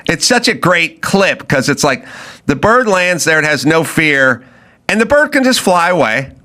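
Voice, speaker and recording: Animated male podcast host, lively pitch. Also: moderate pace. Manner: animated, acts out voices, lots of fillers. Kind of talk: comedic opinion rant.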